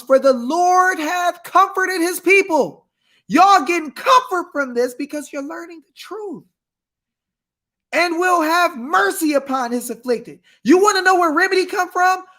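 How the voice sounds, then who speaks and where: High-pitched guy preaching hard, aave, reads scripture then yells about it. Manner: fiery, shouting, reads scripture aloud. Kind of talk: impassioned preaching.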